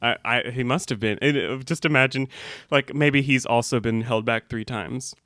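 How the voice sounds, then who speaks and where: A man co-hosting a podcast in casual chat, animated and quick to laugh as he acts out quotes. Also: medium pitch, no echo, studio quality. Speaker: podcast co-host. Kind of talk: casual chat recapping a TV episode.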